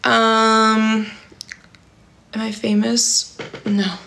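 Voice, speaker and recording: Young woman, slightly high voice, casual rambling livestream host. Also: little pitch movement, extremely slow, gravelly, bright, forceful tone. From California. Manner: rambling and filler-heavy, many "like" and "um". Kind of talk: casual livestream chat, reading viewer comments.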